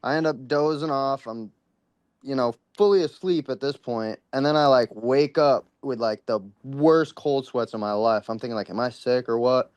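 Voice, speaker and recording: A man's voice: mid-range voice, moderate pace, darkish tone, dry recording, dull audio. A man calling in to tell a personal paranormal story in a casual, rambling way, full of "like" and "you know" and free with swearing, a little worked up. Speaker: caller sharing a paranormal experience.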